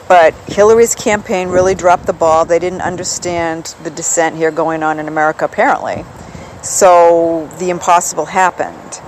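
A woman's voice: fairly low pitch, darkish tone, a little hiss or hum, rough recording. A woman hosting a podcast, talking in a chatty, wry and rambling way. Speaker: podcast host. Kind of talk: casual solo podcast chat.

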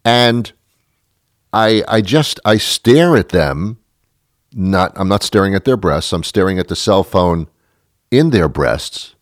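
A man telling a ranting comic story, mocking himself and swinging from loud outbursts to mutters. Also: low voice, animated, slow pace, no room sound, clean studio sound. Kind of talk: comedic storytelling monologue.

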